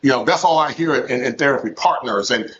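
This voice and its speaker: A man's voice: mid-range voice, brisk, fairly bright tone, slight background noise. A man talking as a guest on a casual live stream, emphatic and often repeating his words. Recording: dull lo-fi stream audio.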